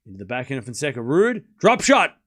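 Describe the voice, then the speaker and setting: A man with a medium-pitched, slightly bright voice talks fast, his pitch swinging hugely, while hosting a live tennis watchalong. He calls shots in short bursts and, between points, chats loosely with his audience and swears without a second thought.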